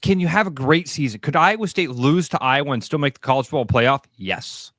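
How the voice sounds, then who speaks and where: A man's voice: on the high side, lively intonation, brisk, fairly bright tone, dry recording, studio quality. A man co-hosting sports radio, talking animatedly with frequent restarts and some swearing.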